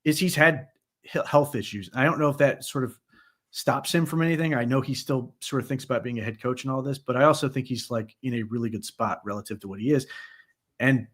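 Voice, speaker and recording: A man co-hosting a sports podcast, giving animated, conversational post-game analysis with frequent restarts. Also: medium pitch, a little fast.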